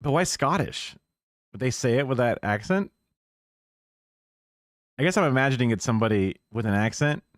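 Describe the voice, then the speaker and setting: A man's voice: medium pitch, lively intonation, normal speed, long pauses, no room sound, studio quality. A man streaming live, reacting to a video with rambling, musing remarks and profane asides.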